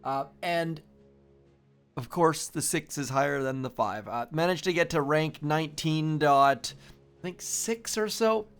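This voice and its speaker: A man's voice: fairly high pitch, measured pace, clear, resonant tone, soft background music. A man hosting his game channel, giving casual, chatty commentary while he plays, thinking aloud and poking fun at himself. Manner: chatty, self-deprecating, thinking aloud with fillers. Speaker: host of a mobile strategy game channel.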